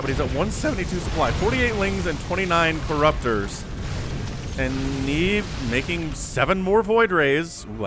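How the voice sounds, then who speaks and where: A man casting a strategy game match solo, chatty and analytical, often rambling off topic. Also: mid-range voice. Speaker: esports caster.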